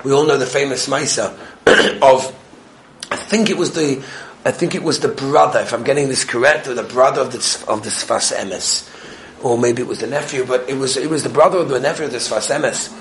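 A man giving a Torah lesson on the weekly portion, telling stories animatedly and moving between loud excitement and hushed tones. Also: medium pitch, fairly quick, slight background noise. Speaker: Torah teacher.

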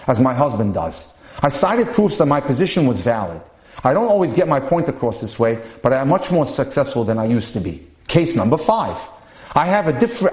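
A man reading marriage case studies aloud on a podcast, in a measured way, with asides to his listeners. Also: a little high, a little mellow, echoey room. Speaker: podcast speaker on dating and marriage.

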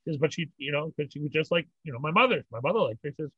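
A man's voice: a little high, lively intonation, rapid-fire, slightly rough, no echo, muffled recording. An older man, a rabbi, talking in a rambling way and telling old jokes, often repeating words and laughing. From North America. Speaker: rabbi, interview guest. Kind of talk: storytelling conversation.

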